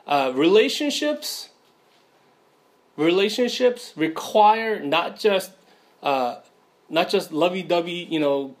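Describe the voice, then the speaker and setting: A man giving an informal sermon, with many fillers and frequent "right?" checks. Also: a little high. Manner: casual, many fillers, asks "right?" often.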